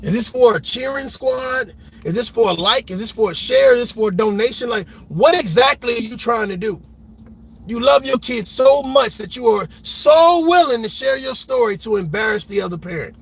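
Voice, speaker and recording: A man's voice: very high voice, expressive, normal speed, gravelly, slight background noise. A man giving a heated reaction commentary, emphatic and blunt, repeating words and swearing freely as he argues. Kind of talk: ranting commentary.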